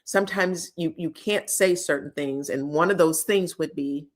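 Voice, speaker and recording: A woman in casual chat, recapping reality-show scenes for viewers with animated, emotional delivery and free swearing. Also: low voice, moderate pace. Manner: retells scenes in others' voices.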